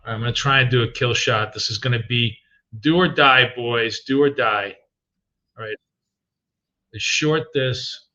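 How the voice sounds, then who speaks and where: A man's voice: mid-range voice, measured pace, long pauses, sharp tone, muffled recording. A middle-aged man hosting a live trading stream, chatting casually and rambling with many ums and restarts.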